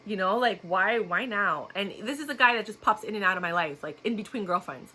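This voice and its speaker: A woman's voice: medium pitch, animated, a little fast, bright, forceful tone, husky. A woman vlogger telling a personal story in a blunt, outspoken way, laughing often. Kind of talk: casual storytelling to camera.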